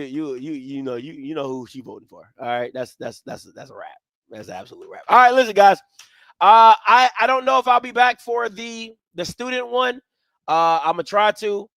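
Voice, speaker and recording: A man's voice: on the high side, lively intonation, normal speed, a bit bright, no echo, clean studio sound. A man hosting a live reaction stream, talking in a blunt, slangy, joking way with lots of energy. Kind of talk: casual live reaction commentary.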